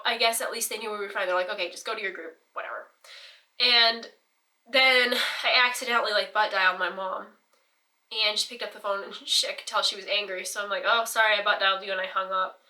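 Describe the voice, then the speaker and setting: A teenage girl tells a story in a rambling, self-deprecating way, laughing here and there. Her voice is bright and sits a little high. She is set back a bit from the microphone. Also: far from the mic. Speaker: vlogger. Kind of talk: casual storytelling.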